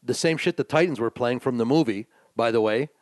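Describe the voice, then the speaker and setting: A man co-hosting a casual sports betting podcast, swearing and emphatic, swinging between low mutters and excited outbursts. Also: a little fast, no room sound, clean studio sound. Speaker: podcast co-host.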